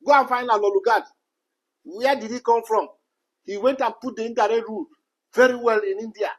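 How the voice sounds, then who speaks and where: Nigerian man, high and husky, emphatic rhetorical commentator. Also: fairly even intonation, brisk, poor audio. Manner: repetitive, rhetorical questions, emphatic. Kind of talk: impassioned rant.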